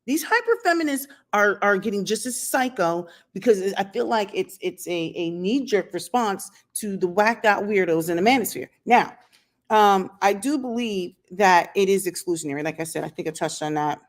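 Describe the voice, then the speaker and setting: A woman's voice: medium pitch, expressive, normal speed. A woman hosting her own opinion channel, talking straight to camera outdoors and firing rhetorical questions at viewers. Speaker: channel host. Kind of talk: casual opinion vlog monologue. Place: outdoors in sunlight.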